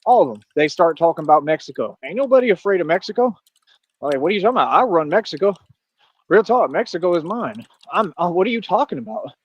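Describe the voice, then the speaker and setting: A man rants on a livestream, boastful and confrontational, challenging his critics again and again with "what are you talking about." His fairly high, expressive, slightly rough voice comes fast, and the audio has its highs cut off.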